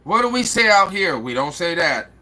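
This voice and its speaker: A man's voice: high voice, sing-song, normal speed, sharp tone. A man with a slight Chicago accent, rambling and answering viewer comments aloud in a casual livestream chat. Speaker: livestream host.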